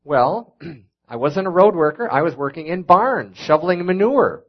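A man's voice: on the high side, sing-song, moderate pace, dull audio. A middle-aged man with a Minnesota accent, speaking as a guest preacher in a church, telling personal stories with folksy, self-deprecating humor. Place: church sanctuary.

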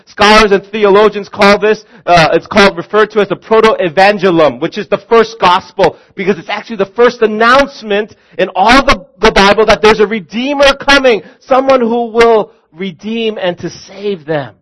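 A man's voice: high voice, moderate pace, few pauses, fairly bright tone, rough recording. A man preaching a sermon as a pastor, earnest, calling his listeners friends and repeating key lines.

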